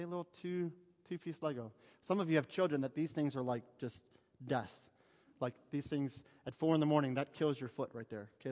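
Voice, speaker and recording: A male pastor preaching a sermon to his congregation in a conversational way, with humorous asides. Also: fairly high pitch. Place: church sanctuary. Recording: long hall reverb.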